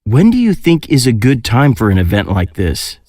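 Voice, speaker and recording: An eager young man asking for ideas in a textbook listening dialogue. His pitch rises and falls a lot. The sound is close and dry. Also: huge pitch swings, normal speed, dark tone, no room sound. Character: friendly young man planning a charity event. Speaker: textbook audio dialogue speaker.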